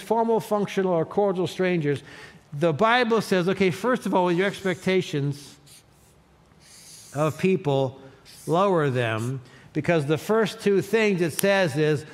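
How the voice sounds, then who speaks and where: A man preaching a sermon as pastor, leading his congregation in call-and-response. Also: sits high. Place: church sanctuary.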